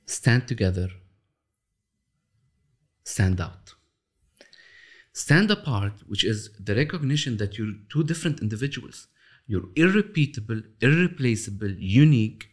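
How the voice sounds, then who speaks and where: A man being interviewed, speaking thoughtfully and often pausing and restarting as he explains his ideas. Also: medium pitch, lively intonation. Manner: thoughtful, hesitant restarts, slows down for emphasis. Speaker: interview guest, author of a love system. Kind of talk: reflective storytelling interview.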